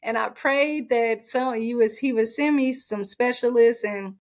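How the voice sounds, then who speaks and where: A woman's voice: fairly high pitch, unhurried. A woman coach, a guest on an interview podcast, telling her personal story in a candid, heartfelt way.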